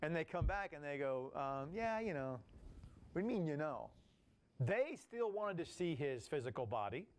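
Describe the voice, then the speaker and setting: A man leading a Bible study, teaching in a lively, casual way and acting out the people in the story. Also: fairly high pitch, moderate pace. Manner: animated, acts out voices of people in the story, casual slang.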